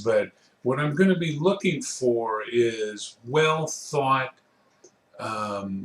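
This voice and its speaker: A middle-aged man giving a recorded ethics course lecture, speaking slowly with frequent pauses and fillers. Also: fairly low pitch, fairly bright tone, echoey room. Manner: slow, hesitant, many fillers. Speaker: college ethics instructor.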